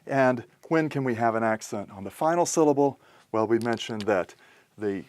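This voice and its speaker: In this recorded lesson, a male teacher works through the material step by step, occasionally correcting himself. He has a mid-range, expressive voice with a darkish tone and speaks at a moderate pace.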